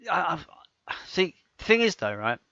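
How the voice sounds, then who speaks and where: A man's voice: on the high side, very animated, normal speed, bright, forceful tone, no echo. Rambling man on a podcast. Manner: rambling, stumbling restarts, enthusiastic. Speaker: podcast co-host. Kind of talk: casual podcast chat. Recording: dull dry lo-fi podcast audio.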